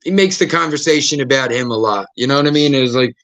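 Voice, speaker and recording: A man hosting a podcast, telling stories in a casual, profane, animated way and acting out the voices of the people in them. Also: mid-range voice, fast. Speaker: podcast host. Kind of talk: casual storytelling chat.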